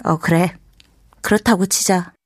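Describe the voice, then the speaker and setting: A woman voicing a young woman fed up with corny jokes, flat and dismissive. Her voice sits fairly low for a woman, and she fires her lines off very quickly. The sound is dry and close. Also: husky, no echo. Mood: exasperated. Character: unimpressed young woman, tired of bad jokes. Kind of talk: scripted dialogue for a language lesson.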